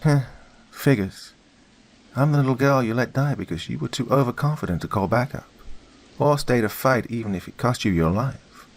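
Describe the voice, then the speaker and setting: A man's voice: mid-range voice, expressive, normal speed, pitched above the performer's own voice, lightly acted. A man voicing a dead young girl who sneeringly blames a detective.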